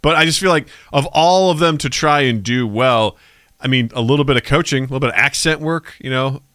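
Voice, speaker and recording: A man's voice: medium pitch, a little fast, a bit bright, no room sound, studio quality. A man co-hosting a podcast in casual chat, joking around and slipping into mock voices. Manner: jokey, slips into mock voices and accents. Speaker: podcast co-host.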